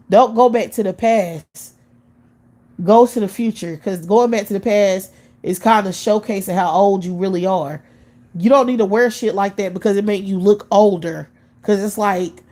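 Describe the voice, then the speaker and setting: A woman's voice: mid-range voice, warm tone. Woman host, profane scornful live-stream rant, blunt and repetitive.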